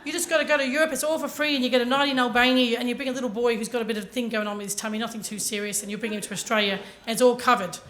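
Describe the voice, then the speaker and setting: A woman voicing her excitable adult brother, a melodramatic man who turns indignant. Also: rapid-fire, hardly any pauses. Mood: excited. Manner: melodramatic, shrill when upset.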